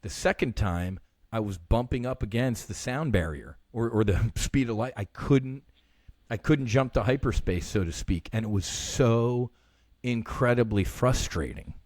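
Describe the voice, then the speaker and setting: A man in his fifties, a podcast guest telling a personal story in an earnest, halting way, often restarting his sentences. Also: mid-range voice, a little mellow, dry recording, studio quality. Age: 50s.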